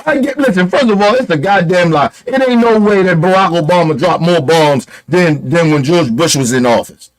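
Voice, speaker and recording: High-voiced man ranting bluntly. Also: lively intonation, moderate pace, few pauses, rough recording. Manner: blunt, profane and emphatic, with repeated rhetorical questions. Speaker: online commentator. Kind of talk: heated political rant.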